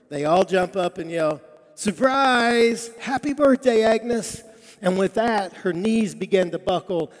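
A male preacher telling a story in a sermon, acting out each character's lines in a church sanctuary. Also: sits high. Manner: animated storyteller quoting characters. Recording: long reverb of a large hall.

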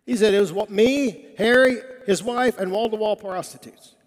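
A male preacher with a high-pitched voice tells a story, quoting each character in turn. He keeps the telling animated. A long reverb from a big sanctuary trails his words. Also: normal speed. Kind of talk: sermon storytelling. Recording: long reverb of a large hall.

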